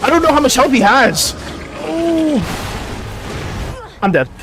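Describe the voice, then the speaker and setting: An excitable streamer reacting live to a game, swearing and laughing often. The voice sits high and swings widely in pitch. Faint game music plays underneath. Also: slow pace. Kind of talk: live gameplay commentary.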